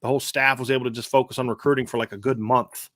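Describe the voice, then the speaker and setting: A man talks football on a casual podcast, blunt and opinionated, often restarting his sentences. His voice sits at a middle pitch. The sound is dry and close, with no room around it. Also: flat delivery, fast talker, a bit bright, dry recording. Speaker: football analyst host. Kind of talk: casual sports podcast chat.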